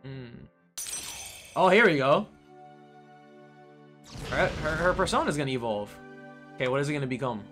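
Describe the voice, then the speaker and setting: A man's voice: mid-range voice, animated, normal speed, long pauses, over music. A young man, casually commenting on a video game and reading its dialogue aloud, with frequent swearing. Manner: casual, profane, reads game text aloud. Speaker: streamer.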